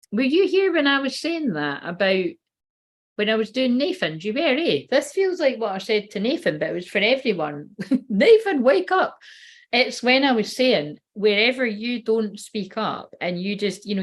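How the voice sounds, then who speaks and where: Here an oracle card reader in her late thirties, mid-range and a bit bright in tone, does a laid-back card reading on a live stream. She wanders off topic, swears without restraint, and breaks off partway through sentences.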